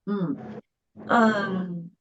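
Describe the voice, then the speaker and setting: Woman, language teacher on a video call; slow, patient, encouraging; muffled lo-fi audio. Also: medium pitch, steady tone, slight background noise. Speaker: Mandarin teacher. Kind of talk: online language lesson.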